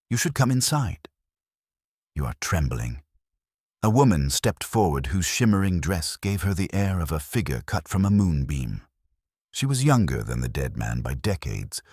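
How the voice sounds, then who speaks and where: A male narrator tells a period mystery in measured, literary storytelling. His voice is extremely deep and husky, with a lively, expressive melody. It is recorded close and dry, with no room sound. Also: no echo. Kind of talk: scripted audiobook narration.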